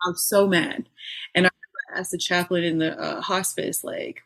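A middle-aged woman, a podcast guest, telling her own story in a candid, animated way with bursts of laughter. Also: on the low side, moderate pace. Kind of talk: personal storytelling in an interview.

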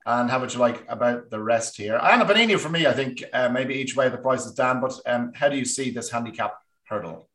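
A man's voice: medium pitch, a little fast, a bit bright, roomy sound. A man hosting a casual horse racing tips podcast with jokey banter. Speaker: podcast host.

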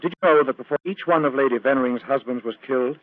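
A man's voice: medium pitch, quick pace, dry recording, phone-quality sound, close to an everyday voice. An actor voices an agitated, earnest clergyman in a 1940s radio play, imploring and anxious. The recording is dry and thin, like an old broadcast heard through a small speaker. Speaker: reverend.

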